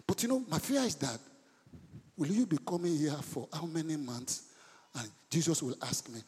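A middle-aged Nigerian pastor preaching a sermon in a church, moving sharply between quiet asides and loud bursts and repeating words for emphasis. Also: male voice, on the high side, expressive, moderate pace, breathy edge. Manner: dramatic swings between soft asides and loud outbursts; code-switches mid-sentence, repeats words for emphasis. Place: church hall. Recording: long hall reverb.

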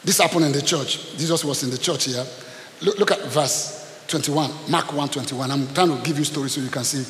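A man preaching with dramatic, animated delivery, his voice sitting a little high. He is heard in a large echoing hall with a long reverb tail. A faint hiss runs under the recording. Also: brisk. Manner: animated, dramatic, acts out scenes. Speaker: pastor. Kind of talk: sermon.

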